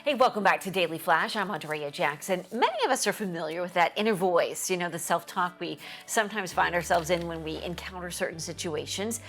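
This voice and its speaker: A woman's voice: lowish voice, brisk, hardly any pauses, soft background music. A woman hosting a TV entertainment show, upbeat and playful with puns in casual chat. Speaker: TV news and entertainment host.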